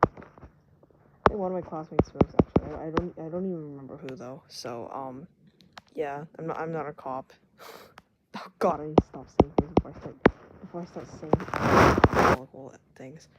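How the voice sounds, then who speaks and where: A young adult rambling casually while drawing, joking at their own expense and dropping into hushed asides. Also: mid-range voice, normal speed, pauses often. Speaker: vlogger doodling on stream. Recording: loud background noise with clicks.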